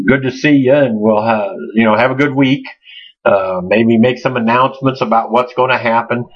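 A man preaching an informal sermon, earnest and halting, often repeating his words. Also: mid-range voice, breathy edge. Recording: muffled lo-fi recording.

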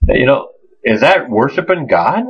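An earnest man preaching a sermon, stumbling and repeating himself as he goes. His voice is husky, and the recording sounds muffled and lo-fi. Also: mid-range voice, very animated. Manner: earnest, halting, repeats words. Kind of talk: informal sermon.

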